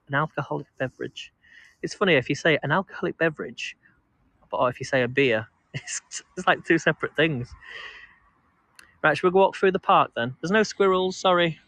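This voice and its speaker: A man's voice: a little high, bright, forceful tone, no room sound. A man chatting casually to a live-stream audience as he walks outdoors in a park, rambling with restarts and laughs. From England. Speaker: vlog host. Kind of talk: casual live-stream chat while walking.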